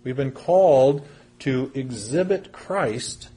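A man's voice: medium pitch, expressive, takes it slowly, dark tone, slightly rough. A man preaching a sermon, reading scripture aloud and explaining it in an earnest, conversational way. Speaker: pastor.

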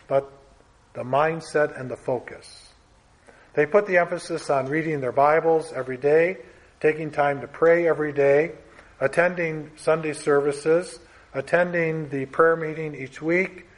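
A man preaching a sermon in a measured, emphatic way, letting his voice fall away softly at the end of phrases. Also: fairly high pitch.

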